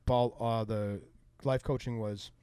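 A man's voice: mid-range voice, fairly even intonation, slow pace, warm tone, clear, resonant tone, no room sound. A middle-aged man, a guest, telling personal stories casually and candidly, with profanity, acting out the people in them. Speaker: interview guest.

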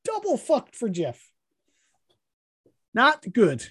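A man's voice: very high voice, wildly swooping pitch, takes it slowly, a bit bright, slightly rough, no echo, clean studio sound. A man co-hosting a casual podcast, trading profane, mock-insulting trash talk with his partner. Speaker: podcast co-host. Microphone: podcast microphone.

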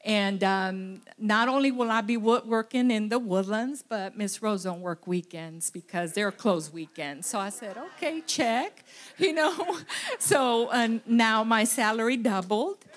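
A woman giving a tearful, halting testimony in church, full of restarts and fillers. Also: medium pitch. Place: church sanctuary.

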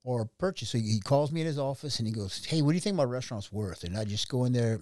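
A man's voice: mid-range voice, quick pace, dry recording, clean studio sound. Middle-aged man telling a story. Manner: animated, acts out quoted dialogue. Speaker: restaurant owner. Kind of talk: conversational storytelling.

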